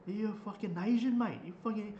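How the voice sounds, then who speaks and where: A man's voice: high-pitched, fast, lo-fi sound, slight background noise, pitched above the performer's own voice, natural voice. A man acting out a hostile, swearing young man on a train. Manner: aggressive, shouting insults. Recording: echoey room.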